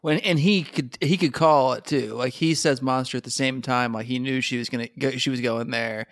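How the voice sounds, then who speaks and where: A man co-hosts a casual podcast chat, speaking in a rambling, halting way with many restarts. His mid-range voice is fairly bright with fairly even intonation. The recording is dry and clean, with studio sound.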